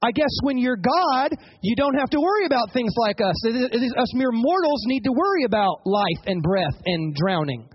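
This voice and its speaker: A man preaching a sermon as pastor, animated, asking the congregation questions and acting out quotes. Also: extremely high pitch, normal speed, hardly any pauses, slightly rough, highs cut off.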